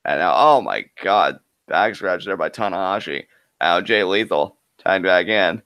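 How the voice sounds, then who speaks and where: A man's voice: low voice, a little slow, a bit bright, dry recording. A man co-hosting a live wrestling reaction stream, giving casual, joking play-by-play commentary.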